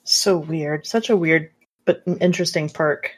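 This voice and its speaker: A female podcast co-host with a fairly low voice chats casually and tosses in quick, relaxed reactions. She keeps a conversational, easygoing tone throughout. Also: husky.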